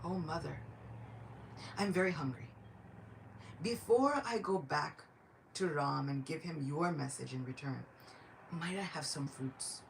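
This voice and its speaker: A woman's voice: low voice, unhurried, vocal fry, pauses often, a little hiss or hum, low-quality recording. A woman voicing a hungry, cheeky male monkey hero who asks politely.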